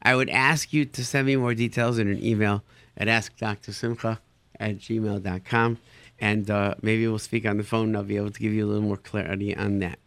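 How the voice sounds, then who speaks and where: A man, a therapist, giving parenting advice in a lively advice talk, acting out incredulous reactions and using Yiddish words. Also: fairly quick, vocal fry, dry recording. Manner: animated, acts out incredulous reactions with sudden jumps in pitch. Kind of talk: advice talk answering listener questions.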